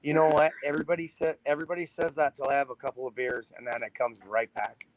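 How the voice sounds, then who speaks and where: A man's voice: medium pitch, level tone, fast, poor audio. A man from Canada, a guest on a podcast, talking casually about his band with many restarts and laughs. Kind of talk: casual chat.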